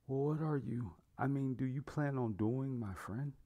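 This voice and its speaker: A man reading as a steadfast, loyal friend who pledges to stand by his comrade. The earnest male voice lifts a touch above the reader's low natural pitch, plain storybook delivery. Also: measured pace, mellow.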